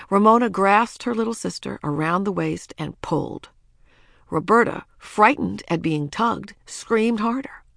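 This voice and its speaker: A woman narrating a children's storybook in a lively, expressive way. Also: mid-range voice, creaky, no echo, clean studio sound. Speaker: audiobook narrator.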